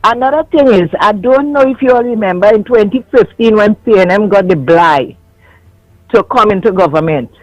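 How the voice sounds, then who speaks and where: A man calling in to a radio talk show, making a measured observation and retelling an anecdote. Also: high-pitched, no echo, highs cut off. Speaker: caller. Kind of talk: call-in radio commentary.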